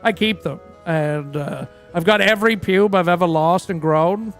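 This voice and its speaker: A man's voice: sits high, moderate pace, fairly bright tone, soft background music. A man playing a crude, boastful rock singer in a roleplay game, telling a rambling story full of fillers. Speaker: roleplay character. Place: game stream from a dry studio.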